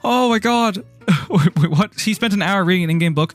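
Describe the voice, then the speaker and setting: A high-pitched man from Ireland talks loosely through a live game stream. He rambles, gets excited, swears freely and stumbles over his words. Soft music plays faintly behind him. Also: unhurried, pauses often. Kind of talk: casual live-stream chat while playing.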